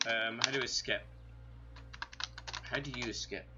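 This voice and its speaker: A man with a Scottish accent streams a game while tipsy, rambling and poking fun at himself in casual chat. His voice is medium-pitched and measured, with frequent pauses. The recording is muffled, with loud music behind him.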